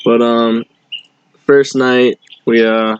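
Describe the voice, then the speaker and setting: Young man, casual chat guest, rambling storyteller, monotone. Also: mid-range voice, very slow, clear, resonant tone, lo-fi sound. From Boston area. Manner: rambling, many fillers and restarts.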